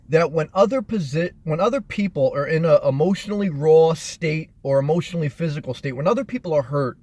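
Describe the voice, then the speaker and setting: Earnest man giving a slow life lesson. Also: a little high, a little mellow. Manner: earnest, repetitive, measured delivery with many fillers. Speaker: motivational vlogger. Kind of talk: reflective motivational monologue.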